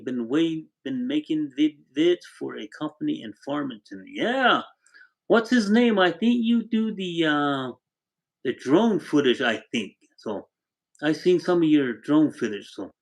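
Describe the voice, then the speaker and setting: A man's voice: medium pitch, low-quality recording. Older man chatting on a home livestream. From Arizona. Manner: rambling, warm storytelling, thanks viewers by name. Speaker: livestream host. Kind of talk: casual livestream chat. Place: home with a wood stove.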